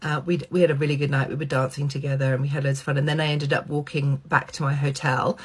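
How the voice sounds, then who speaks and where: Husky low-voiced middle-aged woman storyteller. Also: fast talker. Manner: animated, swears freely, acts out quotes. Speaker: vlogger. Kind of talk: personal anecdote storytelling.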